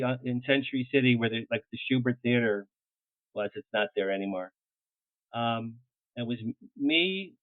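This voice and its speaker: An older man telling showbiz stories as an interview guest, animated and quick to laugh, slipping into little acted bits of what others said. His voice sits at an ordinary middle pitch. It comes through a thin, phone-like line with a dry, close sound. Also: no room sound. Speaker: publicist guest. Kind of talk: anecdotal storytelling in an interview.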